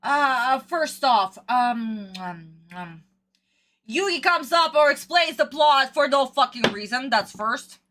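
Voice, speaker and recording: A woman's voice: sits high, animated, slow, fairly bright tone, slight background noise. A woman streamer ranting through a casual live reaction to a cartoon episode, exasperated and swearing a lot.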